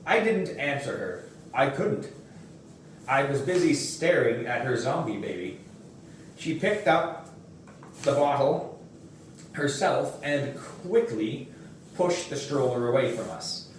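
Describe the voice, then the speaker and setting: Slow-reading man in an echoey room. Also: mid-range voice, lively intonation. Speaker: reader. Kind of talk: reading a children's book aloud. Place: room at home. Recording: echoey room, far from mic, faint noise.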